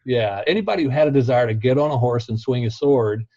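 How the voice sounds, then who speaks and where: A man's voice: mid-range voice, quick pace, dark tone, no room sound. A laid-back man, a guest on a podcast interview, chatting casually and laughing often. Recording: dull, muffled recording.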